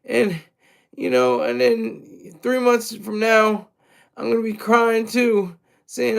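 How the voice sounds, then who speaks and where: A man's voice: high-pitched, slow, creaky. A man streaming a crude, mocking, rambling commentary rant.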